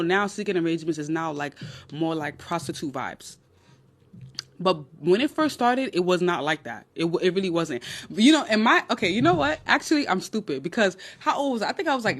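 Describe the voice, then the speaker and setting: A woman in her twenties with a slight New York accent talks straight into her phone for a livestream. She gives dating advice in a blunt, animated, crude and funny way, at a middle pitch. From Nigerian, raised in New York. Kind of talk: casual livestream chat.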